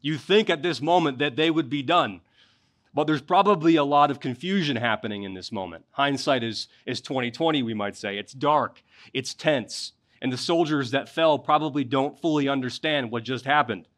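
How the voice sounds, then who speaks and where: A man preaches from the pulpit, reading scripture and then explaining it in a conversational way. His voice sits at an ordinary pitch and swells with fervor when he drives a point home. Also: normal speed, a bit bright. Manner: expository preaching, rising in intensity at key points. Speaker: pastor. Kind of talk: sermon.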